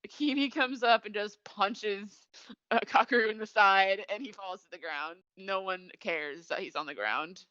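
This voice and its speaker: A woman's voice: mid-range voice, unhurried, a bit bright, smooth, no echo. A young woman hosting a podcast, animatedly retelling an anime episode with frequent giggles. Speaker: podcast host. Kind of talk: casual chat recapping an anime episode. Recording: dull lo-fi audio.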